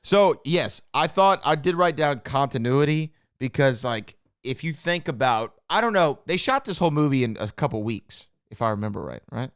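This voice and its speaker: Relaxed and chatty, the Southern American co-host keeps up a casual podcast conversation, leaning on fillers. His mid-range voice moves at a moderate pace with few pauses and sounds smooth, with clean, echo-free studio audio.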